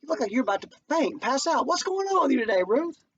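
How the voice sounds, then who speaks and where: A man voicing a devout, weary older mother who speaks in a slow, folksy dialect. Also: very high voice, very animated, a bit bright, voice pushed up, exaggerated voice. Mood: stern. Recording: distant muffled home recording, faint noise.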